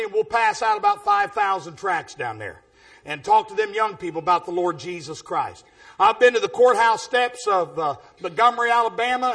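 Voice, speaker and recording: In a big, booming voice, a man preaches a sermon built around a story, sprinkling in "amen" as he goes and now and then bursting into shouts.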